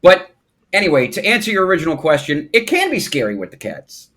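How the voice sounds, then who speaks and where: A man's voice: a little high, very animated, a little fast, a bit bright. A man co-hosting a comedy podcast, rambling and self-deprecating in casual chat. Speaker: podcast co-host.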